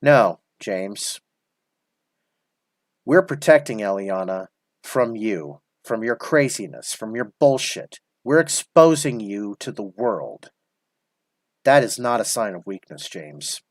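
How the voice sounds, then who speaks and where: Male stream host who lectures slowly and mocks; dry, close recording. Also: lowish voice, animated, no room sound. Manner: slow, lecturing, mocking. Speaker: show host. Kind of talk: live stream commentary.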